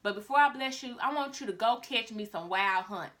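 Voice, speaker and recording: A woman's voice: on the high side, brisk, sharp tone. A woman voicing an old, nearly blind father who speaks hesitantly and questioningly. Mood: suspicious.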